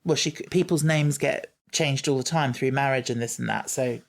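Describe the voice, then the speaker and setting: Gravelly man chatting casually. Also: mid-range voice, moderate pace. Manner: chatty, thoughtful, hesitant with fillers. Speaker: podcast co-host. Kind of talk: casual chat reviewing a TV series.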